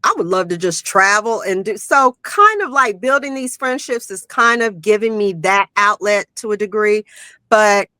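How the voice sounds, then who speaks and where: Woman guest on a talk show, bright forward voice, rambly, lots of you know's, dry sound. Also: mid-range voice, animated, moderate pace, no room sound. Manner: rambling, many fillers like "you know". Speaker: guest, magazine owner. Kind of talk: casual chat.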